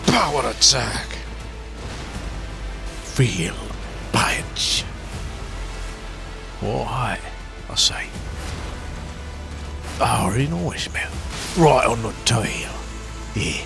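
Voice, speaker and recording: A man with a croaky voice doing a put-on Cockney accent while giving cocky, swaggering, in-character gameplay commentary as a streamer. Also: mid-range voice, lively intonation, drawn-out words, long pauses. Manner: swaggering, cocky boxer bravado with frequent swearing. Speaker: gaming streamer. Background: game music.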